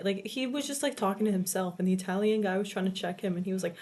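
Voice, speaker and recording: A woman's voice: on the low side, fairly even intonation, quick pace, hardly any pauses, dark tone. Rambly teen woman, casual vlog chat. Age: late teens. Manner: rambling, heavy "like" filler, casual swearing. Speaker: vlogger.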